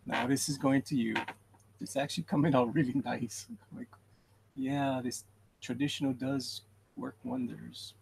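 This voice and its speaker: Gravelly man murmuring over noisy audio. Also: medium pitch, fairly even intonation, unhurried, a little mellow. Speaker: artist on a live stream. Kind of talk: casual chat while drawing.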